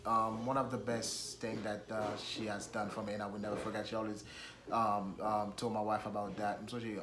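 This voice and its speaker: A man with a Haitian accent co-hosting a casual chat, speaking haltingly with many ums. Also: on the low side, little pitch movement, echoey room, background noise. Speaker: co-host.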